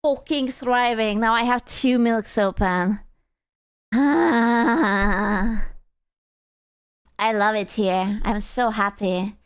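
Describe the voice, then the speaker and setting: A high, clear-voiced woman streams in easy casual chat, unhurried and smooth. She is dramatic and self-mocking, with plenty of swearing.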